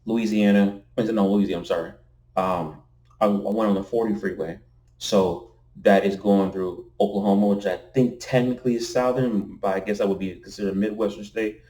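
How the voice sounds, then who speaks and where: A man with a somewhat low voice talks straight to his camera from a room at night. He rambles loosely, restarts his phrases and keeps checking in with "you know what I'm saying". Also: fairly even intonation, normal speed, mellow. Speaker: vlogger. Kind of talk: casual rambling vlog talk. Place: indoors at night next to window blinds. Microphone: camera facing him.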